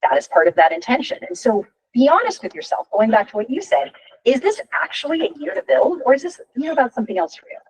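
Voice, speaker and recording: A woman's voice: sits high, quick pace, breathy edge, rough recording. A woman in her fifties coaching a workshop, talking frankly and chattily and often tossing in a rhetorical "right?". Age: 50s. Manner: frank and animated. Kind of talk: workshop talk.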